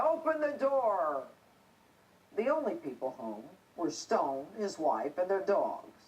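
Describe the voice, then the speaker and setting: Middle-aged woman host, ex-cop, emphatic and combative in her opening commentary; animated delivery, voice a little off-mic. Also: fairly high pitch, far from the mic, rough recording. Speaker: TV show host, former police officer. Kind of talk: scripted opinion monologue.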